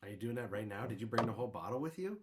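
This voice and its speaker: A young man chatting on a podcast with a very lively, swooping delivery. He rambles through stories and jokes as he reads quiz questions aloud. His pitch sits in an ordinary middle range for a man. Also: racing, background noise. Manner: rambling, joking storyteller with lively swings in pitch. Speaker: podcast co-host. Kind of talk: casual chat.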